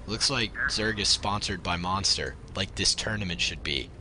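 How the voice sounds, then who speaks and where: Bright, joking young male caster for live play-by-play, faint hiss. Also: low voice, normal speed. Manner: chatty, joking play-by-play with frequent ums. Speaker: esports caster. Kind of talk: live game commentary. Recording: faint background noise.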